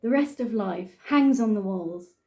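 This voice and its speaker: A woman reading a male prisoner's poem aloud with a put-on English accent, slow and mock-dramatic. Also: mid-range voice, lively intonation, a little mellow, natural voice. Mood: mock-solemn.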